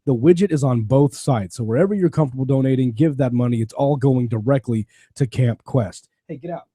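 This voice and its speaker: A man hosting a podcast during a live charity broadcast, upbeat and quick to laugh. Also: mid-range voice, mellow, breathy edge, no room sound. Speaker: podcast host.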